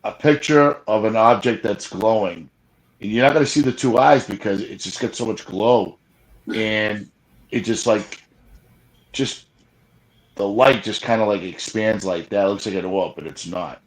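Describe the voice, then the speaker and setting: A man excitedly retelling an encounter in casual live chat, rambling with frequent restarts and fillers. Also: on the low side, moderate pace, low-quality recording. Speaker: Bigfoot field investigator guest. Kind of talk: casual storytelling on a live show.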